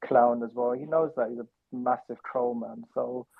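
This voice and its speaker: Man, casual chat, gravelly husky voice, tinny phone-like line. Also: mid-range voice, steady tone, normal speed, no room sound. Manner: chatty, laughing, many fillers and restarts. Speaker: panelist.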